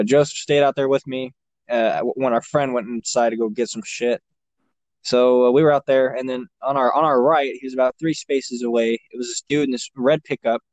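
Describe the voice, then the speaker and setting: A man's voice: mid-range voice, a little mellow, no room sound. A young man chatting casually, telling a long rambling story with lots of swearing and fillers. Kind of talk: casual chat.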